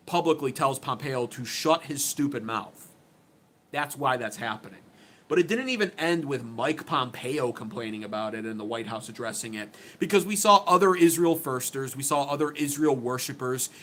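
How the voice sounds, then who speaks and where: A man doing a livestream political commentary, ranting bluntly and angrily with plenty of profanity. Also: a little high.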